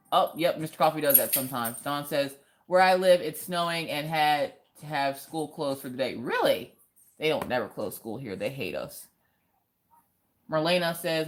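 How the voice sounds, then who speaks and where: A woman hosting a casual craft livestream, chatting playfully, laughing often and reading viewer comments aloud. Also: low-pitched. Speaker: livestream host.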